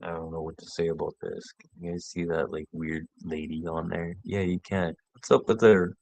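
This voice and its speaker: Guy host, low voice, loose, profane, rambling delivery. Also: flat delivery, normal speed, gravelly, a little mellow. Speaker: show host. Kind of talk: casual rambling monologue.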